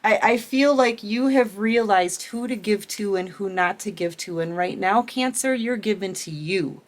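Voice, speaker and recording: A woman's voice: mid-range voice, normal speed. A middle-aged woman giving a casual tarot reading, emphatic and repetitive, speaking straight to the viewer. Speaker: tarot reader.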